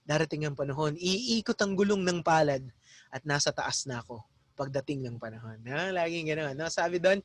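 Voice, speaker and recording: A man's voice: fairly high pitch, fast, fairly bright tone, no echo. A young man with a Filipino accent lecturing his class, tagging his points with "no?" and switching between Tagalog and English. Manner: mixes Tagalog and English, tags lines with "no?". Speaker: teacher.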